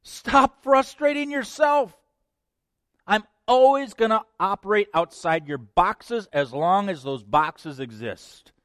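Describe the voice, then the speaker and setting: A firm, commanding divine voice, as a preacher puts it on, emphatic and rising in pitch. the delivery is insistent and dry, close to the mic. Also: male voice, expressive, slow pace, fairly bright tone, no room sound, heavily acted.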